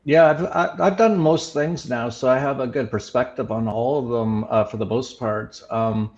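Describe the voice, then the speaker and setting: A man shares a personal story in relaxed conversation, stopping and restarting his sentences with plenty of fillers. His voice sits at an ordinary middle pitch. The audio is a little dull, as if through a modest lo-fi setup. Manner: halting, many fillers and restarts. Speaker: show host sharing his experiences. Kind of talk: casual reflective storytelling.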